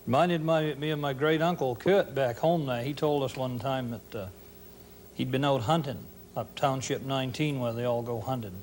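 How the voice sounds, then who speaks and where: A man's voice: medium pitch, moderate pace, a little mellow, a little hiss or hum. Easygoing man with dry humor. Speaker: storyteller. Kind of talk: folksy storytelling.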